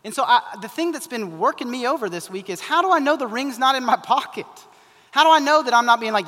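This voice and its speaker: A high, bright male voice delivers an impassioned sermon that swings between loud urgency and hushed pleading. The sound carries a long reverb, as in a large church hall. He speaks as a pastor addressing his congregation. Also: big pitch swings, fast.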